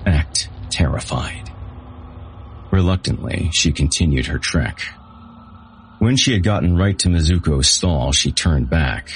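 Very deep-voiced male audiobook narrator. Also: lively intonation, normal speed, a little hiss or hum. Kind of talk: first-person audiobook narration.

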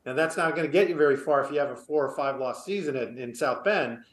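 A man's voice: fairly high pitch, fast talker, reverberant. A man and former college football player, speaking as an interview guest, earnest and opinionated with a storytelling manner. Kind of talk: casual sports interview.

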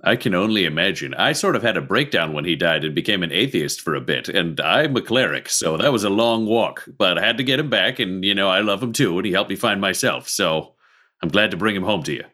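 Deep but bright-toned tabletop player. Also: male voice, brisk. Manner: relaxed, sincere. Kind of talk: tabletop role-play.

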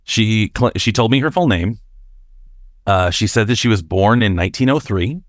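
Low-voiced male caller telling a story. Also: expressive, moderate pace, no echo, studio quality. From Washington State. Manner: chatty, many fillers and restarts. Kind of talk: casual storytelling.

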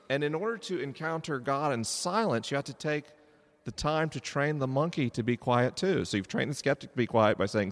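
A man giving a live talk to an audience, animated and joking as he addresses the crowd. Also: on the high side, moderate pace. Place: large stone church, live event. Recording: live hall with long reverb.

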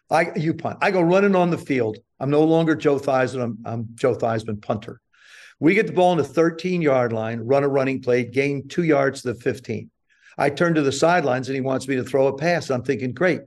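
An older man, a guest on an interview show, telling a self-deprecating story with lively acted-out quotes. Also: on the high side, a little fast.

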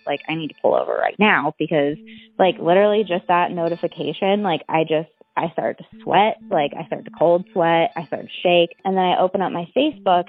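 Young woman telling her story over a tinny phone line, low-ish voice, lots of "like". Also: no room sound. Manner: rambling, many "like" fillers, restarts. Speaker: guest. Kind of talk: personal account in an interview.

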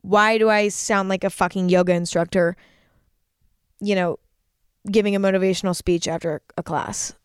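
A woman's voice: medium pitch, steady tone, normal speed, long pauses, clear, resonant tone, no echo, clean studio sound. A young adult woman hosting her own podcast, talking casually and earnestly with lots of fillers and self-mocking asides. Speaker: podcast host. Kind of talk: casual advice podcast monologue.

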